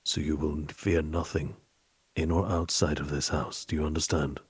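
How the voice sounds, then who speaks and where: A formal old ghost gentleman, voiced by a man, deep and low with a husky, raspy edge. He speaks in measured, old-fashioned sentences. The sound is dry and close to the mic. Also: level tone, no room sound, heavily acted. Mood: calm.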